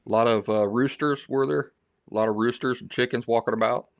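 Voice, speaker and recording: A man's voice: mid-range voice, fairly even intonation, fairly quick, creaky, dry recording. A man hosting a livestream, telling stories in a rambling, chatty way and reading out viewer comments. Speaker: livestream host. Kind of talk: casual livestream chat.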